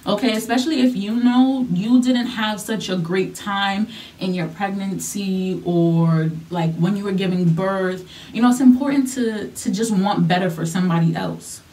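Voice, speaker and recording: A woman's voice: mid-range voice, normal speed, dark tone, recorded from a distance. A young woman vlogger telling a personal story in a casual, chatty way, repeating herself and using lots of fillers.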